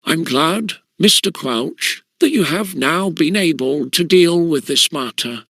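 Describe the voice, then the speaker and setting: A man voicing a stern, formal elderly headmaster with a deep voice. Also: lively intonation, takes it slowly, creaky, a bit bright, no room sound, full character voice.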